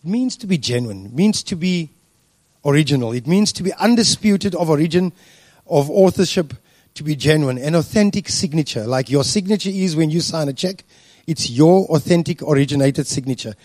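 A man giving a sermon, speaking deliberately with frequent fillers and restarts. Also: a little high, expressive, darkish tone, no echo. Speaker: preacher.

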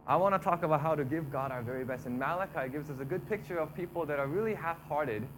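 Guy preaching a laid back sermon, kinda high voice, repeats himself a lot, faint hum behind. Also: fast talker. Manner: relaxed, repeats himself, acts out complaining voices. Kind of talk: casual conversational sermon.

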